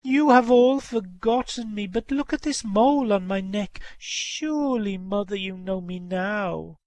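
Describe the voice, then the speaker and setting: Give me a man doing a soft, earnest young woman pleading through tears, in a dry booth. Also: high-pitched, expressive, unhurried, dry recording, pitched above the performer's own voice. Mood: imploring. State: tearful.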